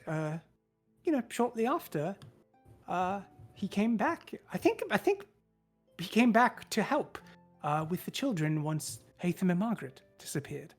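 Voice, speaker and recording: A woman's voice: mid-range voice, darkish tone, voice pushed up, natural voice. A woman voicing a chatty, fussy older woman cook who rambles and dotes on children. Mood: fond. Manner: rambling, hesitant, doting.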